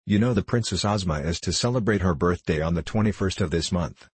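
A man's voice: low voice, fairly quick, breathy edge, no echo. A man voicing a courtly, gracious male fox king in an audiobook reading.

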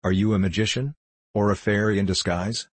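A man's voice: on the low side, steady tone, a little fast, slightly rough, no echo. A man voicing a curious, polite little girl in an audiobook reading. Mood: earnest. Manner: polite, earnest.

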